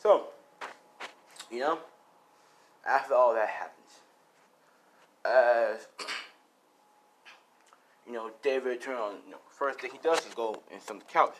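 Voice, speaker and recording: A man's voice: medium pitch, measured pace, pauses often, a little hiss or hum. A man improvising a fan story in casual, rambling narration, full of fillers and the odd swear. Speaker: storyteller, channel host.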